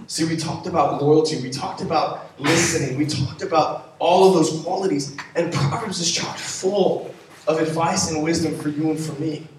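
A man's voice: a little high, a little hiss or hum. Young male youth pastor, playful preaching, far from the mic in a big echoey hall. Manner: playful, joking asides to the audience. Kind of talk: youth sermon with live demonstration.

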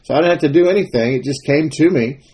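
A Texas man gives a loose, conversational devotional talk in a husky, slightly breathy voice that is fairly high-pitched yet dark in tone. He talks fast, wandering through his story with frequent fillers and restarts before settling into scripture.

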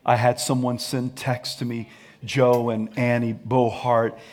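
A man pastor preaching a sermon in a lively, colloquial way and calling on the congregation to answer back. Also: medium pitch, a little slow. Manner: energetic, colloquial, calls for audience response.

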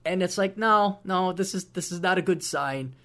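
A man hosting his own podcast, giving shout-outs and opinionated commentary in a rambling, casual way. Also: high voice, normal speed. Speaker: podcast host.

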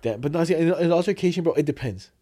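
Fast-talking young man telling road stories. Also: on the high side. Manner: animated storytelling, slangy, acts out others' lines. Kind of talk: casual chat.

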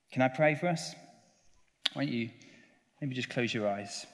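A man's voice: mid-range voice, a little slow. A man preaching a sermon as pastor, reading scripture earnestly and praying with his listeners. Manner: earnest preaching, swelling on scripture and dropping soft at the close. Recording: long church reverb.

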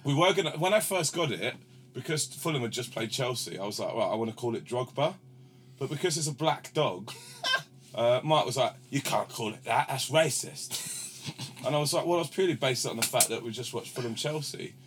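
A man's voice: medium pitch, lively intonation, brisk, fairly bright tone, slight background noise. A young man from London hosting a podcast, telling rambling stories in casual chat and swearing freely. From London, England. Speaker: podcast host. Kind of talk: casual banter.

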